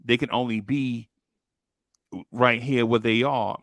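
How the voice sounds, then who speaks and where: A man's voice: mid-range voice, steady tone, slow pace, a bit bright, no echo, clean studio sound. A young man co-hosting a casual podcast chat, rambling and repeating words as he thinks. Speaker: podcast co-host.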